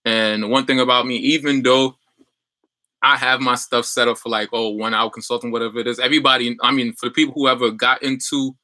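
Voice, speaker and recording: A man's voice: medium pitch, sharp tone, no room sound. A young adult man chatting loosely on a livestream as a business coach, full of fillers and restarts while reading viewer comments.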